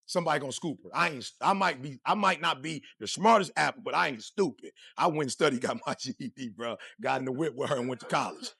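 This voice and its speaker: A man giving a motivational speech, energetic and preachy, full of slang and talking straight to the crowd. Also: medium pitch, fast, gravelly, hardly any pauses, breathy edge, no echo, studio quality. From Detroit, USA. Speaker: motivational speaker.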